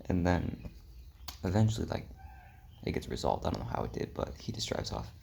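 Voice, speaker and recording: A man's voice: low voice, big pitch swings, normal speed, creaky, darkish tone, a little hiss or hum. A young man telling a rambling travel story in a casual vlog, full of "like" and "um", slipping into whispery asides. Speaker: travel vlogger.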